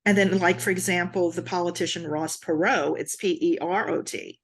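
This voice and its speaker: Woman participant, low voice, hesitant casual speaker on a video call. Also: steady tone, moderate pace, husky. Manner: casual, hesitant, repeats herself. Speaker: training participant.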